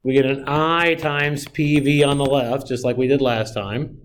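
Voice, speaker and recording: A man's voice: medium pitch, fairly even intonation, measured pace, a little hiss or hum. A man teaching a math class, talking students through each step and checking in with frequent tag questions. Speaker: math lecturer. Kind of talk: classroom lecture.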